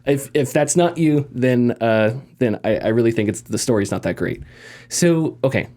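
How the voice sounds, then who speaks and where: A man talking casually on a gaming podcast, animated and rambling, often restarting his sentences. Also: medium pitch, moderate pace. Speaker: podcast host.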